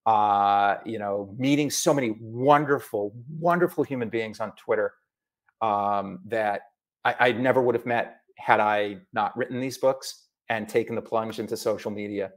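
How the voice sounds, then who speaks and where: A middle-aged man from Massachusetts, an author chatting in an interview, animated and full of asides. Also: lowish voice, normal speed. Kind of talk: casual video interview.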